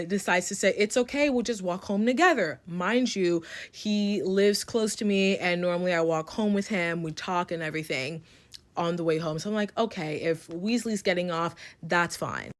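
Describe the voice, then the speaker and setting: Young woman rambling through a storytime. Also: medium pitch. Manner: rambling, swears freely, lots of "like" fillers. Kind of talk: casual storytime.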